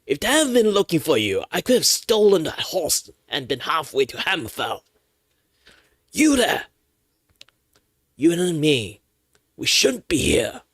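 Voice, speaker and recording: A man's voice: on the high side, very animated, unhurried, pauses often, a bit bright, breathy edge, dry recording, clean studio sound, voice pushed up, exaggerated voice. A man voicing a scrawny, panicky horse thief from a fantasy game in a strained, whiny voice.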